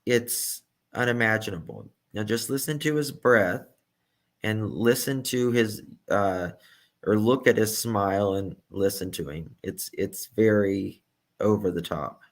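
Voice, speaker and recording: A man's voice: lowish voice, measured pace. A man giving emphatic true crime reaction commentary and repeating his key points.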